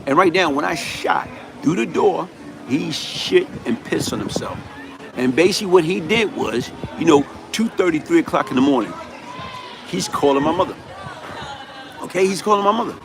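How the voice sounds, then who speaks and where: A middle-aged New York City man hosts a live stream, telling a personal story in emphatic street slang and repeating "you know what I'm saying." His animated voice sits on the high side with vocal fry, at normal speed over music.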